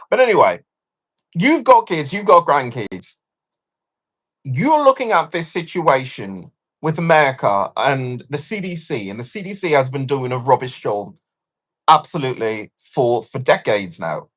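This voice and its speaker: A woman livestreaming a casual rant, animated and sarcastic, swearing freely and swinging between loud bursts and hushed asides. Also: rumbling low. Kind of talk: casual live-stream rant.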